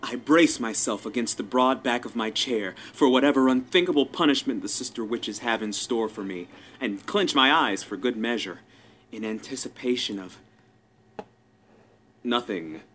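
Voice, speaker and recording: A man's voice: mid-range voice, moderate pace, a bit bright, slight background noise. A man narrating a fantasy story in the first person, in a wry, conversational way.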